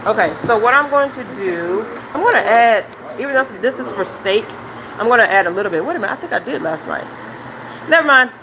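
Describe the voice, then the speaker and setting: A woman's voice: on the high side, expressive, fairly quick. Chatty woman cooking, noisy kitchen. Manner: chatty, instructive, talks while cooking. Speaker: cooking show host. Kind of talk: live cooking demonstration. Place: home kitchen. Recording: kitchen vent hum behind.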